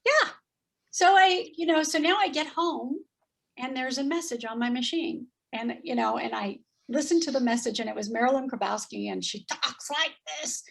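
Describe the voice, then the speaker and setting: A woman in her fifties telling a story in casual chat, animated and acting out voices as she goes. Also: high-pitched, normal speed, vocal fry. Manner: animated, acts out voices in quotes, laughs often. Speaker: guest.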